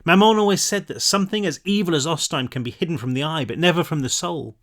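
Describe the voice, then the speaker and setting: A man's voice: a little high, quick pace, a bit bright. A cheeky, skinny teenage boy with an earnest, slightly raised voice, as a man reads him. A light storybook sidekick.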